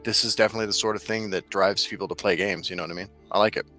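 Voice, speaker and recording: A man co-hosting a casual gaming podcast, relaxed and agreeable in conversation. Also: fairly low pitch, very fast, faint music behind. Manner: relaxed, agreeable, reads an announcement in a mock radio announcer voice. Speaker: podcast co-host.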